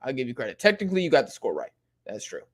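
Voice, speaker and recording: A young man casually chatting through a live football watch-along, reading and answering chat in relaxed slang. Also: mid-range voice, racing. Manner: laid-back slang-heavy chatter, many fillers.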